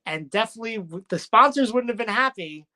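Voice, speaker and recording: A man's voice: high-pitched, lively intonation, brisk, bright, forceful tone. A man co-hosting a casual wrestling recap, rambling and joking and correcting himself as he goes. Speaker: podcast co-host.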